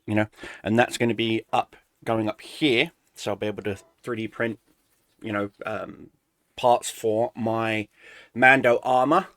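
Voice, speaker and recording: A man chatting casually through a life update for his gaming channel, rambling and relaxed, pausing to snack. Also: on the low side, no room sound. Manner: rambling, relaxed, eating snacks while talking. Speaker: gaming YouTuber.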